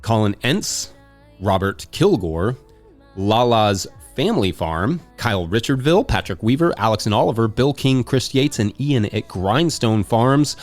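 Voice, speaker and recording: A man's voice: mid-range voice, animated, measured pace, soft background music. A man hosting a farming podcast, talking casually with rambling, joking asides. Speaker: podcast host.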